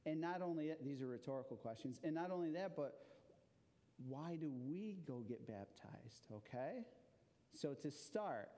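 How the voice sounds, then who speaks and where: A man giving an interactive children's sermon in a church, asking the listeners questions as he goes. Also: a little high. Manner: animated, asks the audience questions. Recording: long hall reverb.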